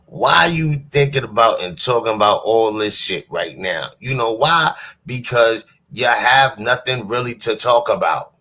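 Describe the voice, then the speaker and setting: A man's voice: mid-range voice, lively intonation, a little slow, bright, forceful tone. A man hosting a livestream, giving casual, dismissive commentary. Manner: dismissive, mocking, loose. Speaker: livestream host.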